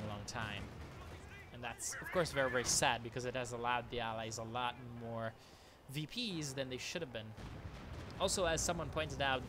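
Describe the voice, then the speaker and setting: A man giving live commentary on a strategy game match, excitable and swearing freely, often breaking into laughter. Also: mid-range voice, background noise. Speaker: game caster.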